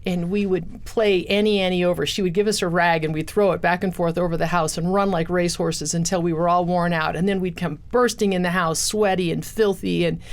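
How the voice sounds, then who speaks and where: A woman's voice: medium pitch, no echo. A middle-aged woman giving an earnest personal testimony as a guest in a radio interview. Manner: earnest storytelling, acts out quoted voices.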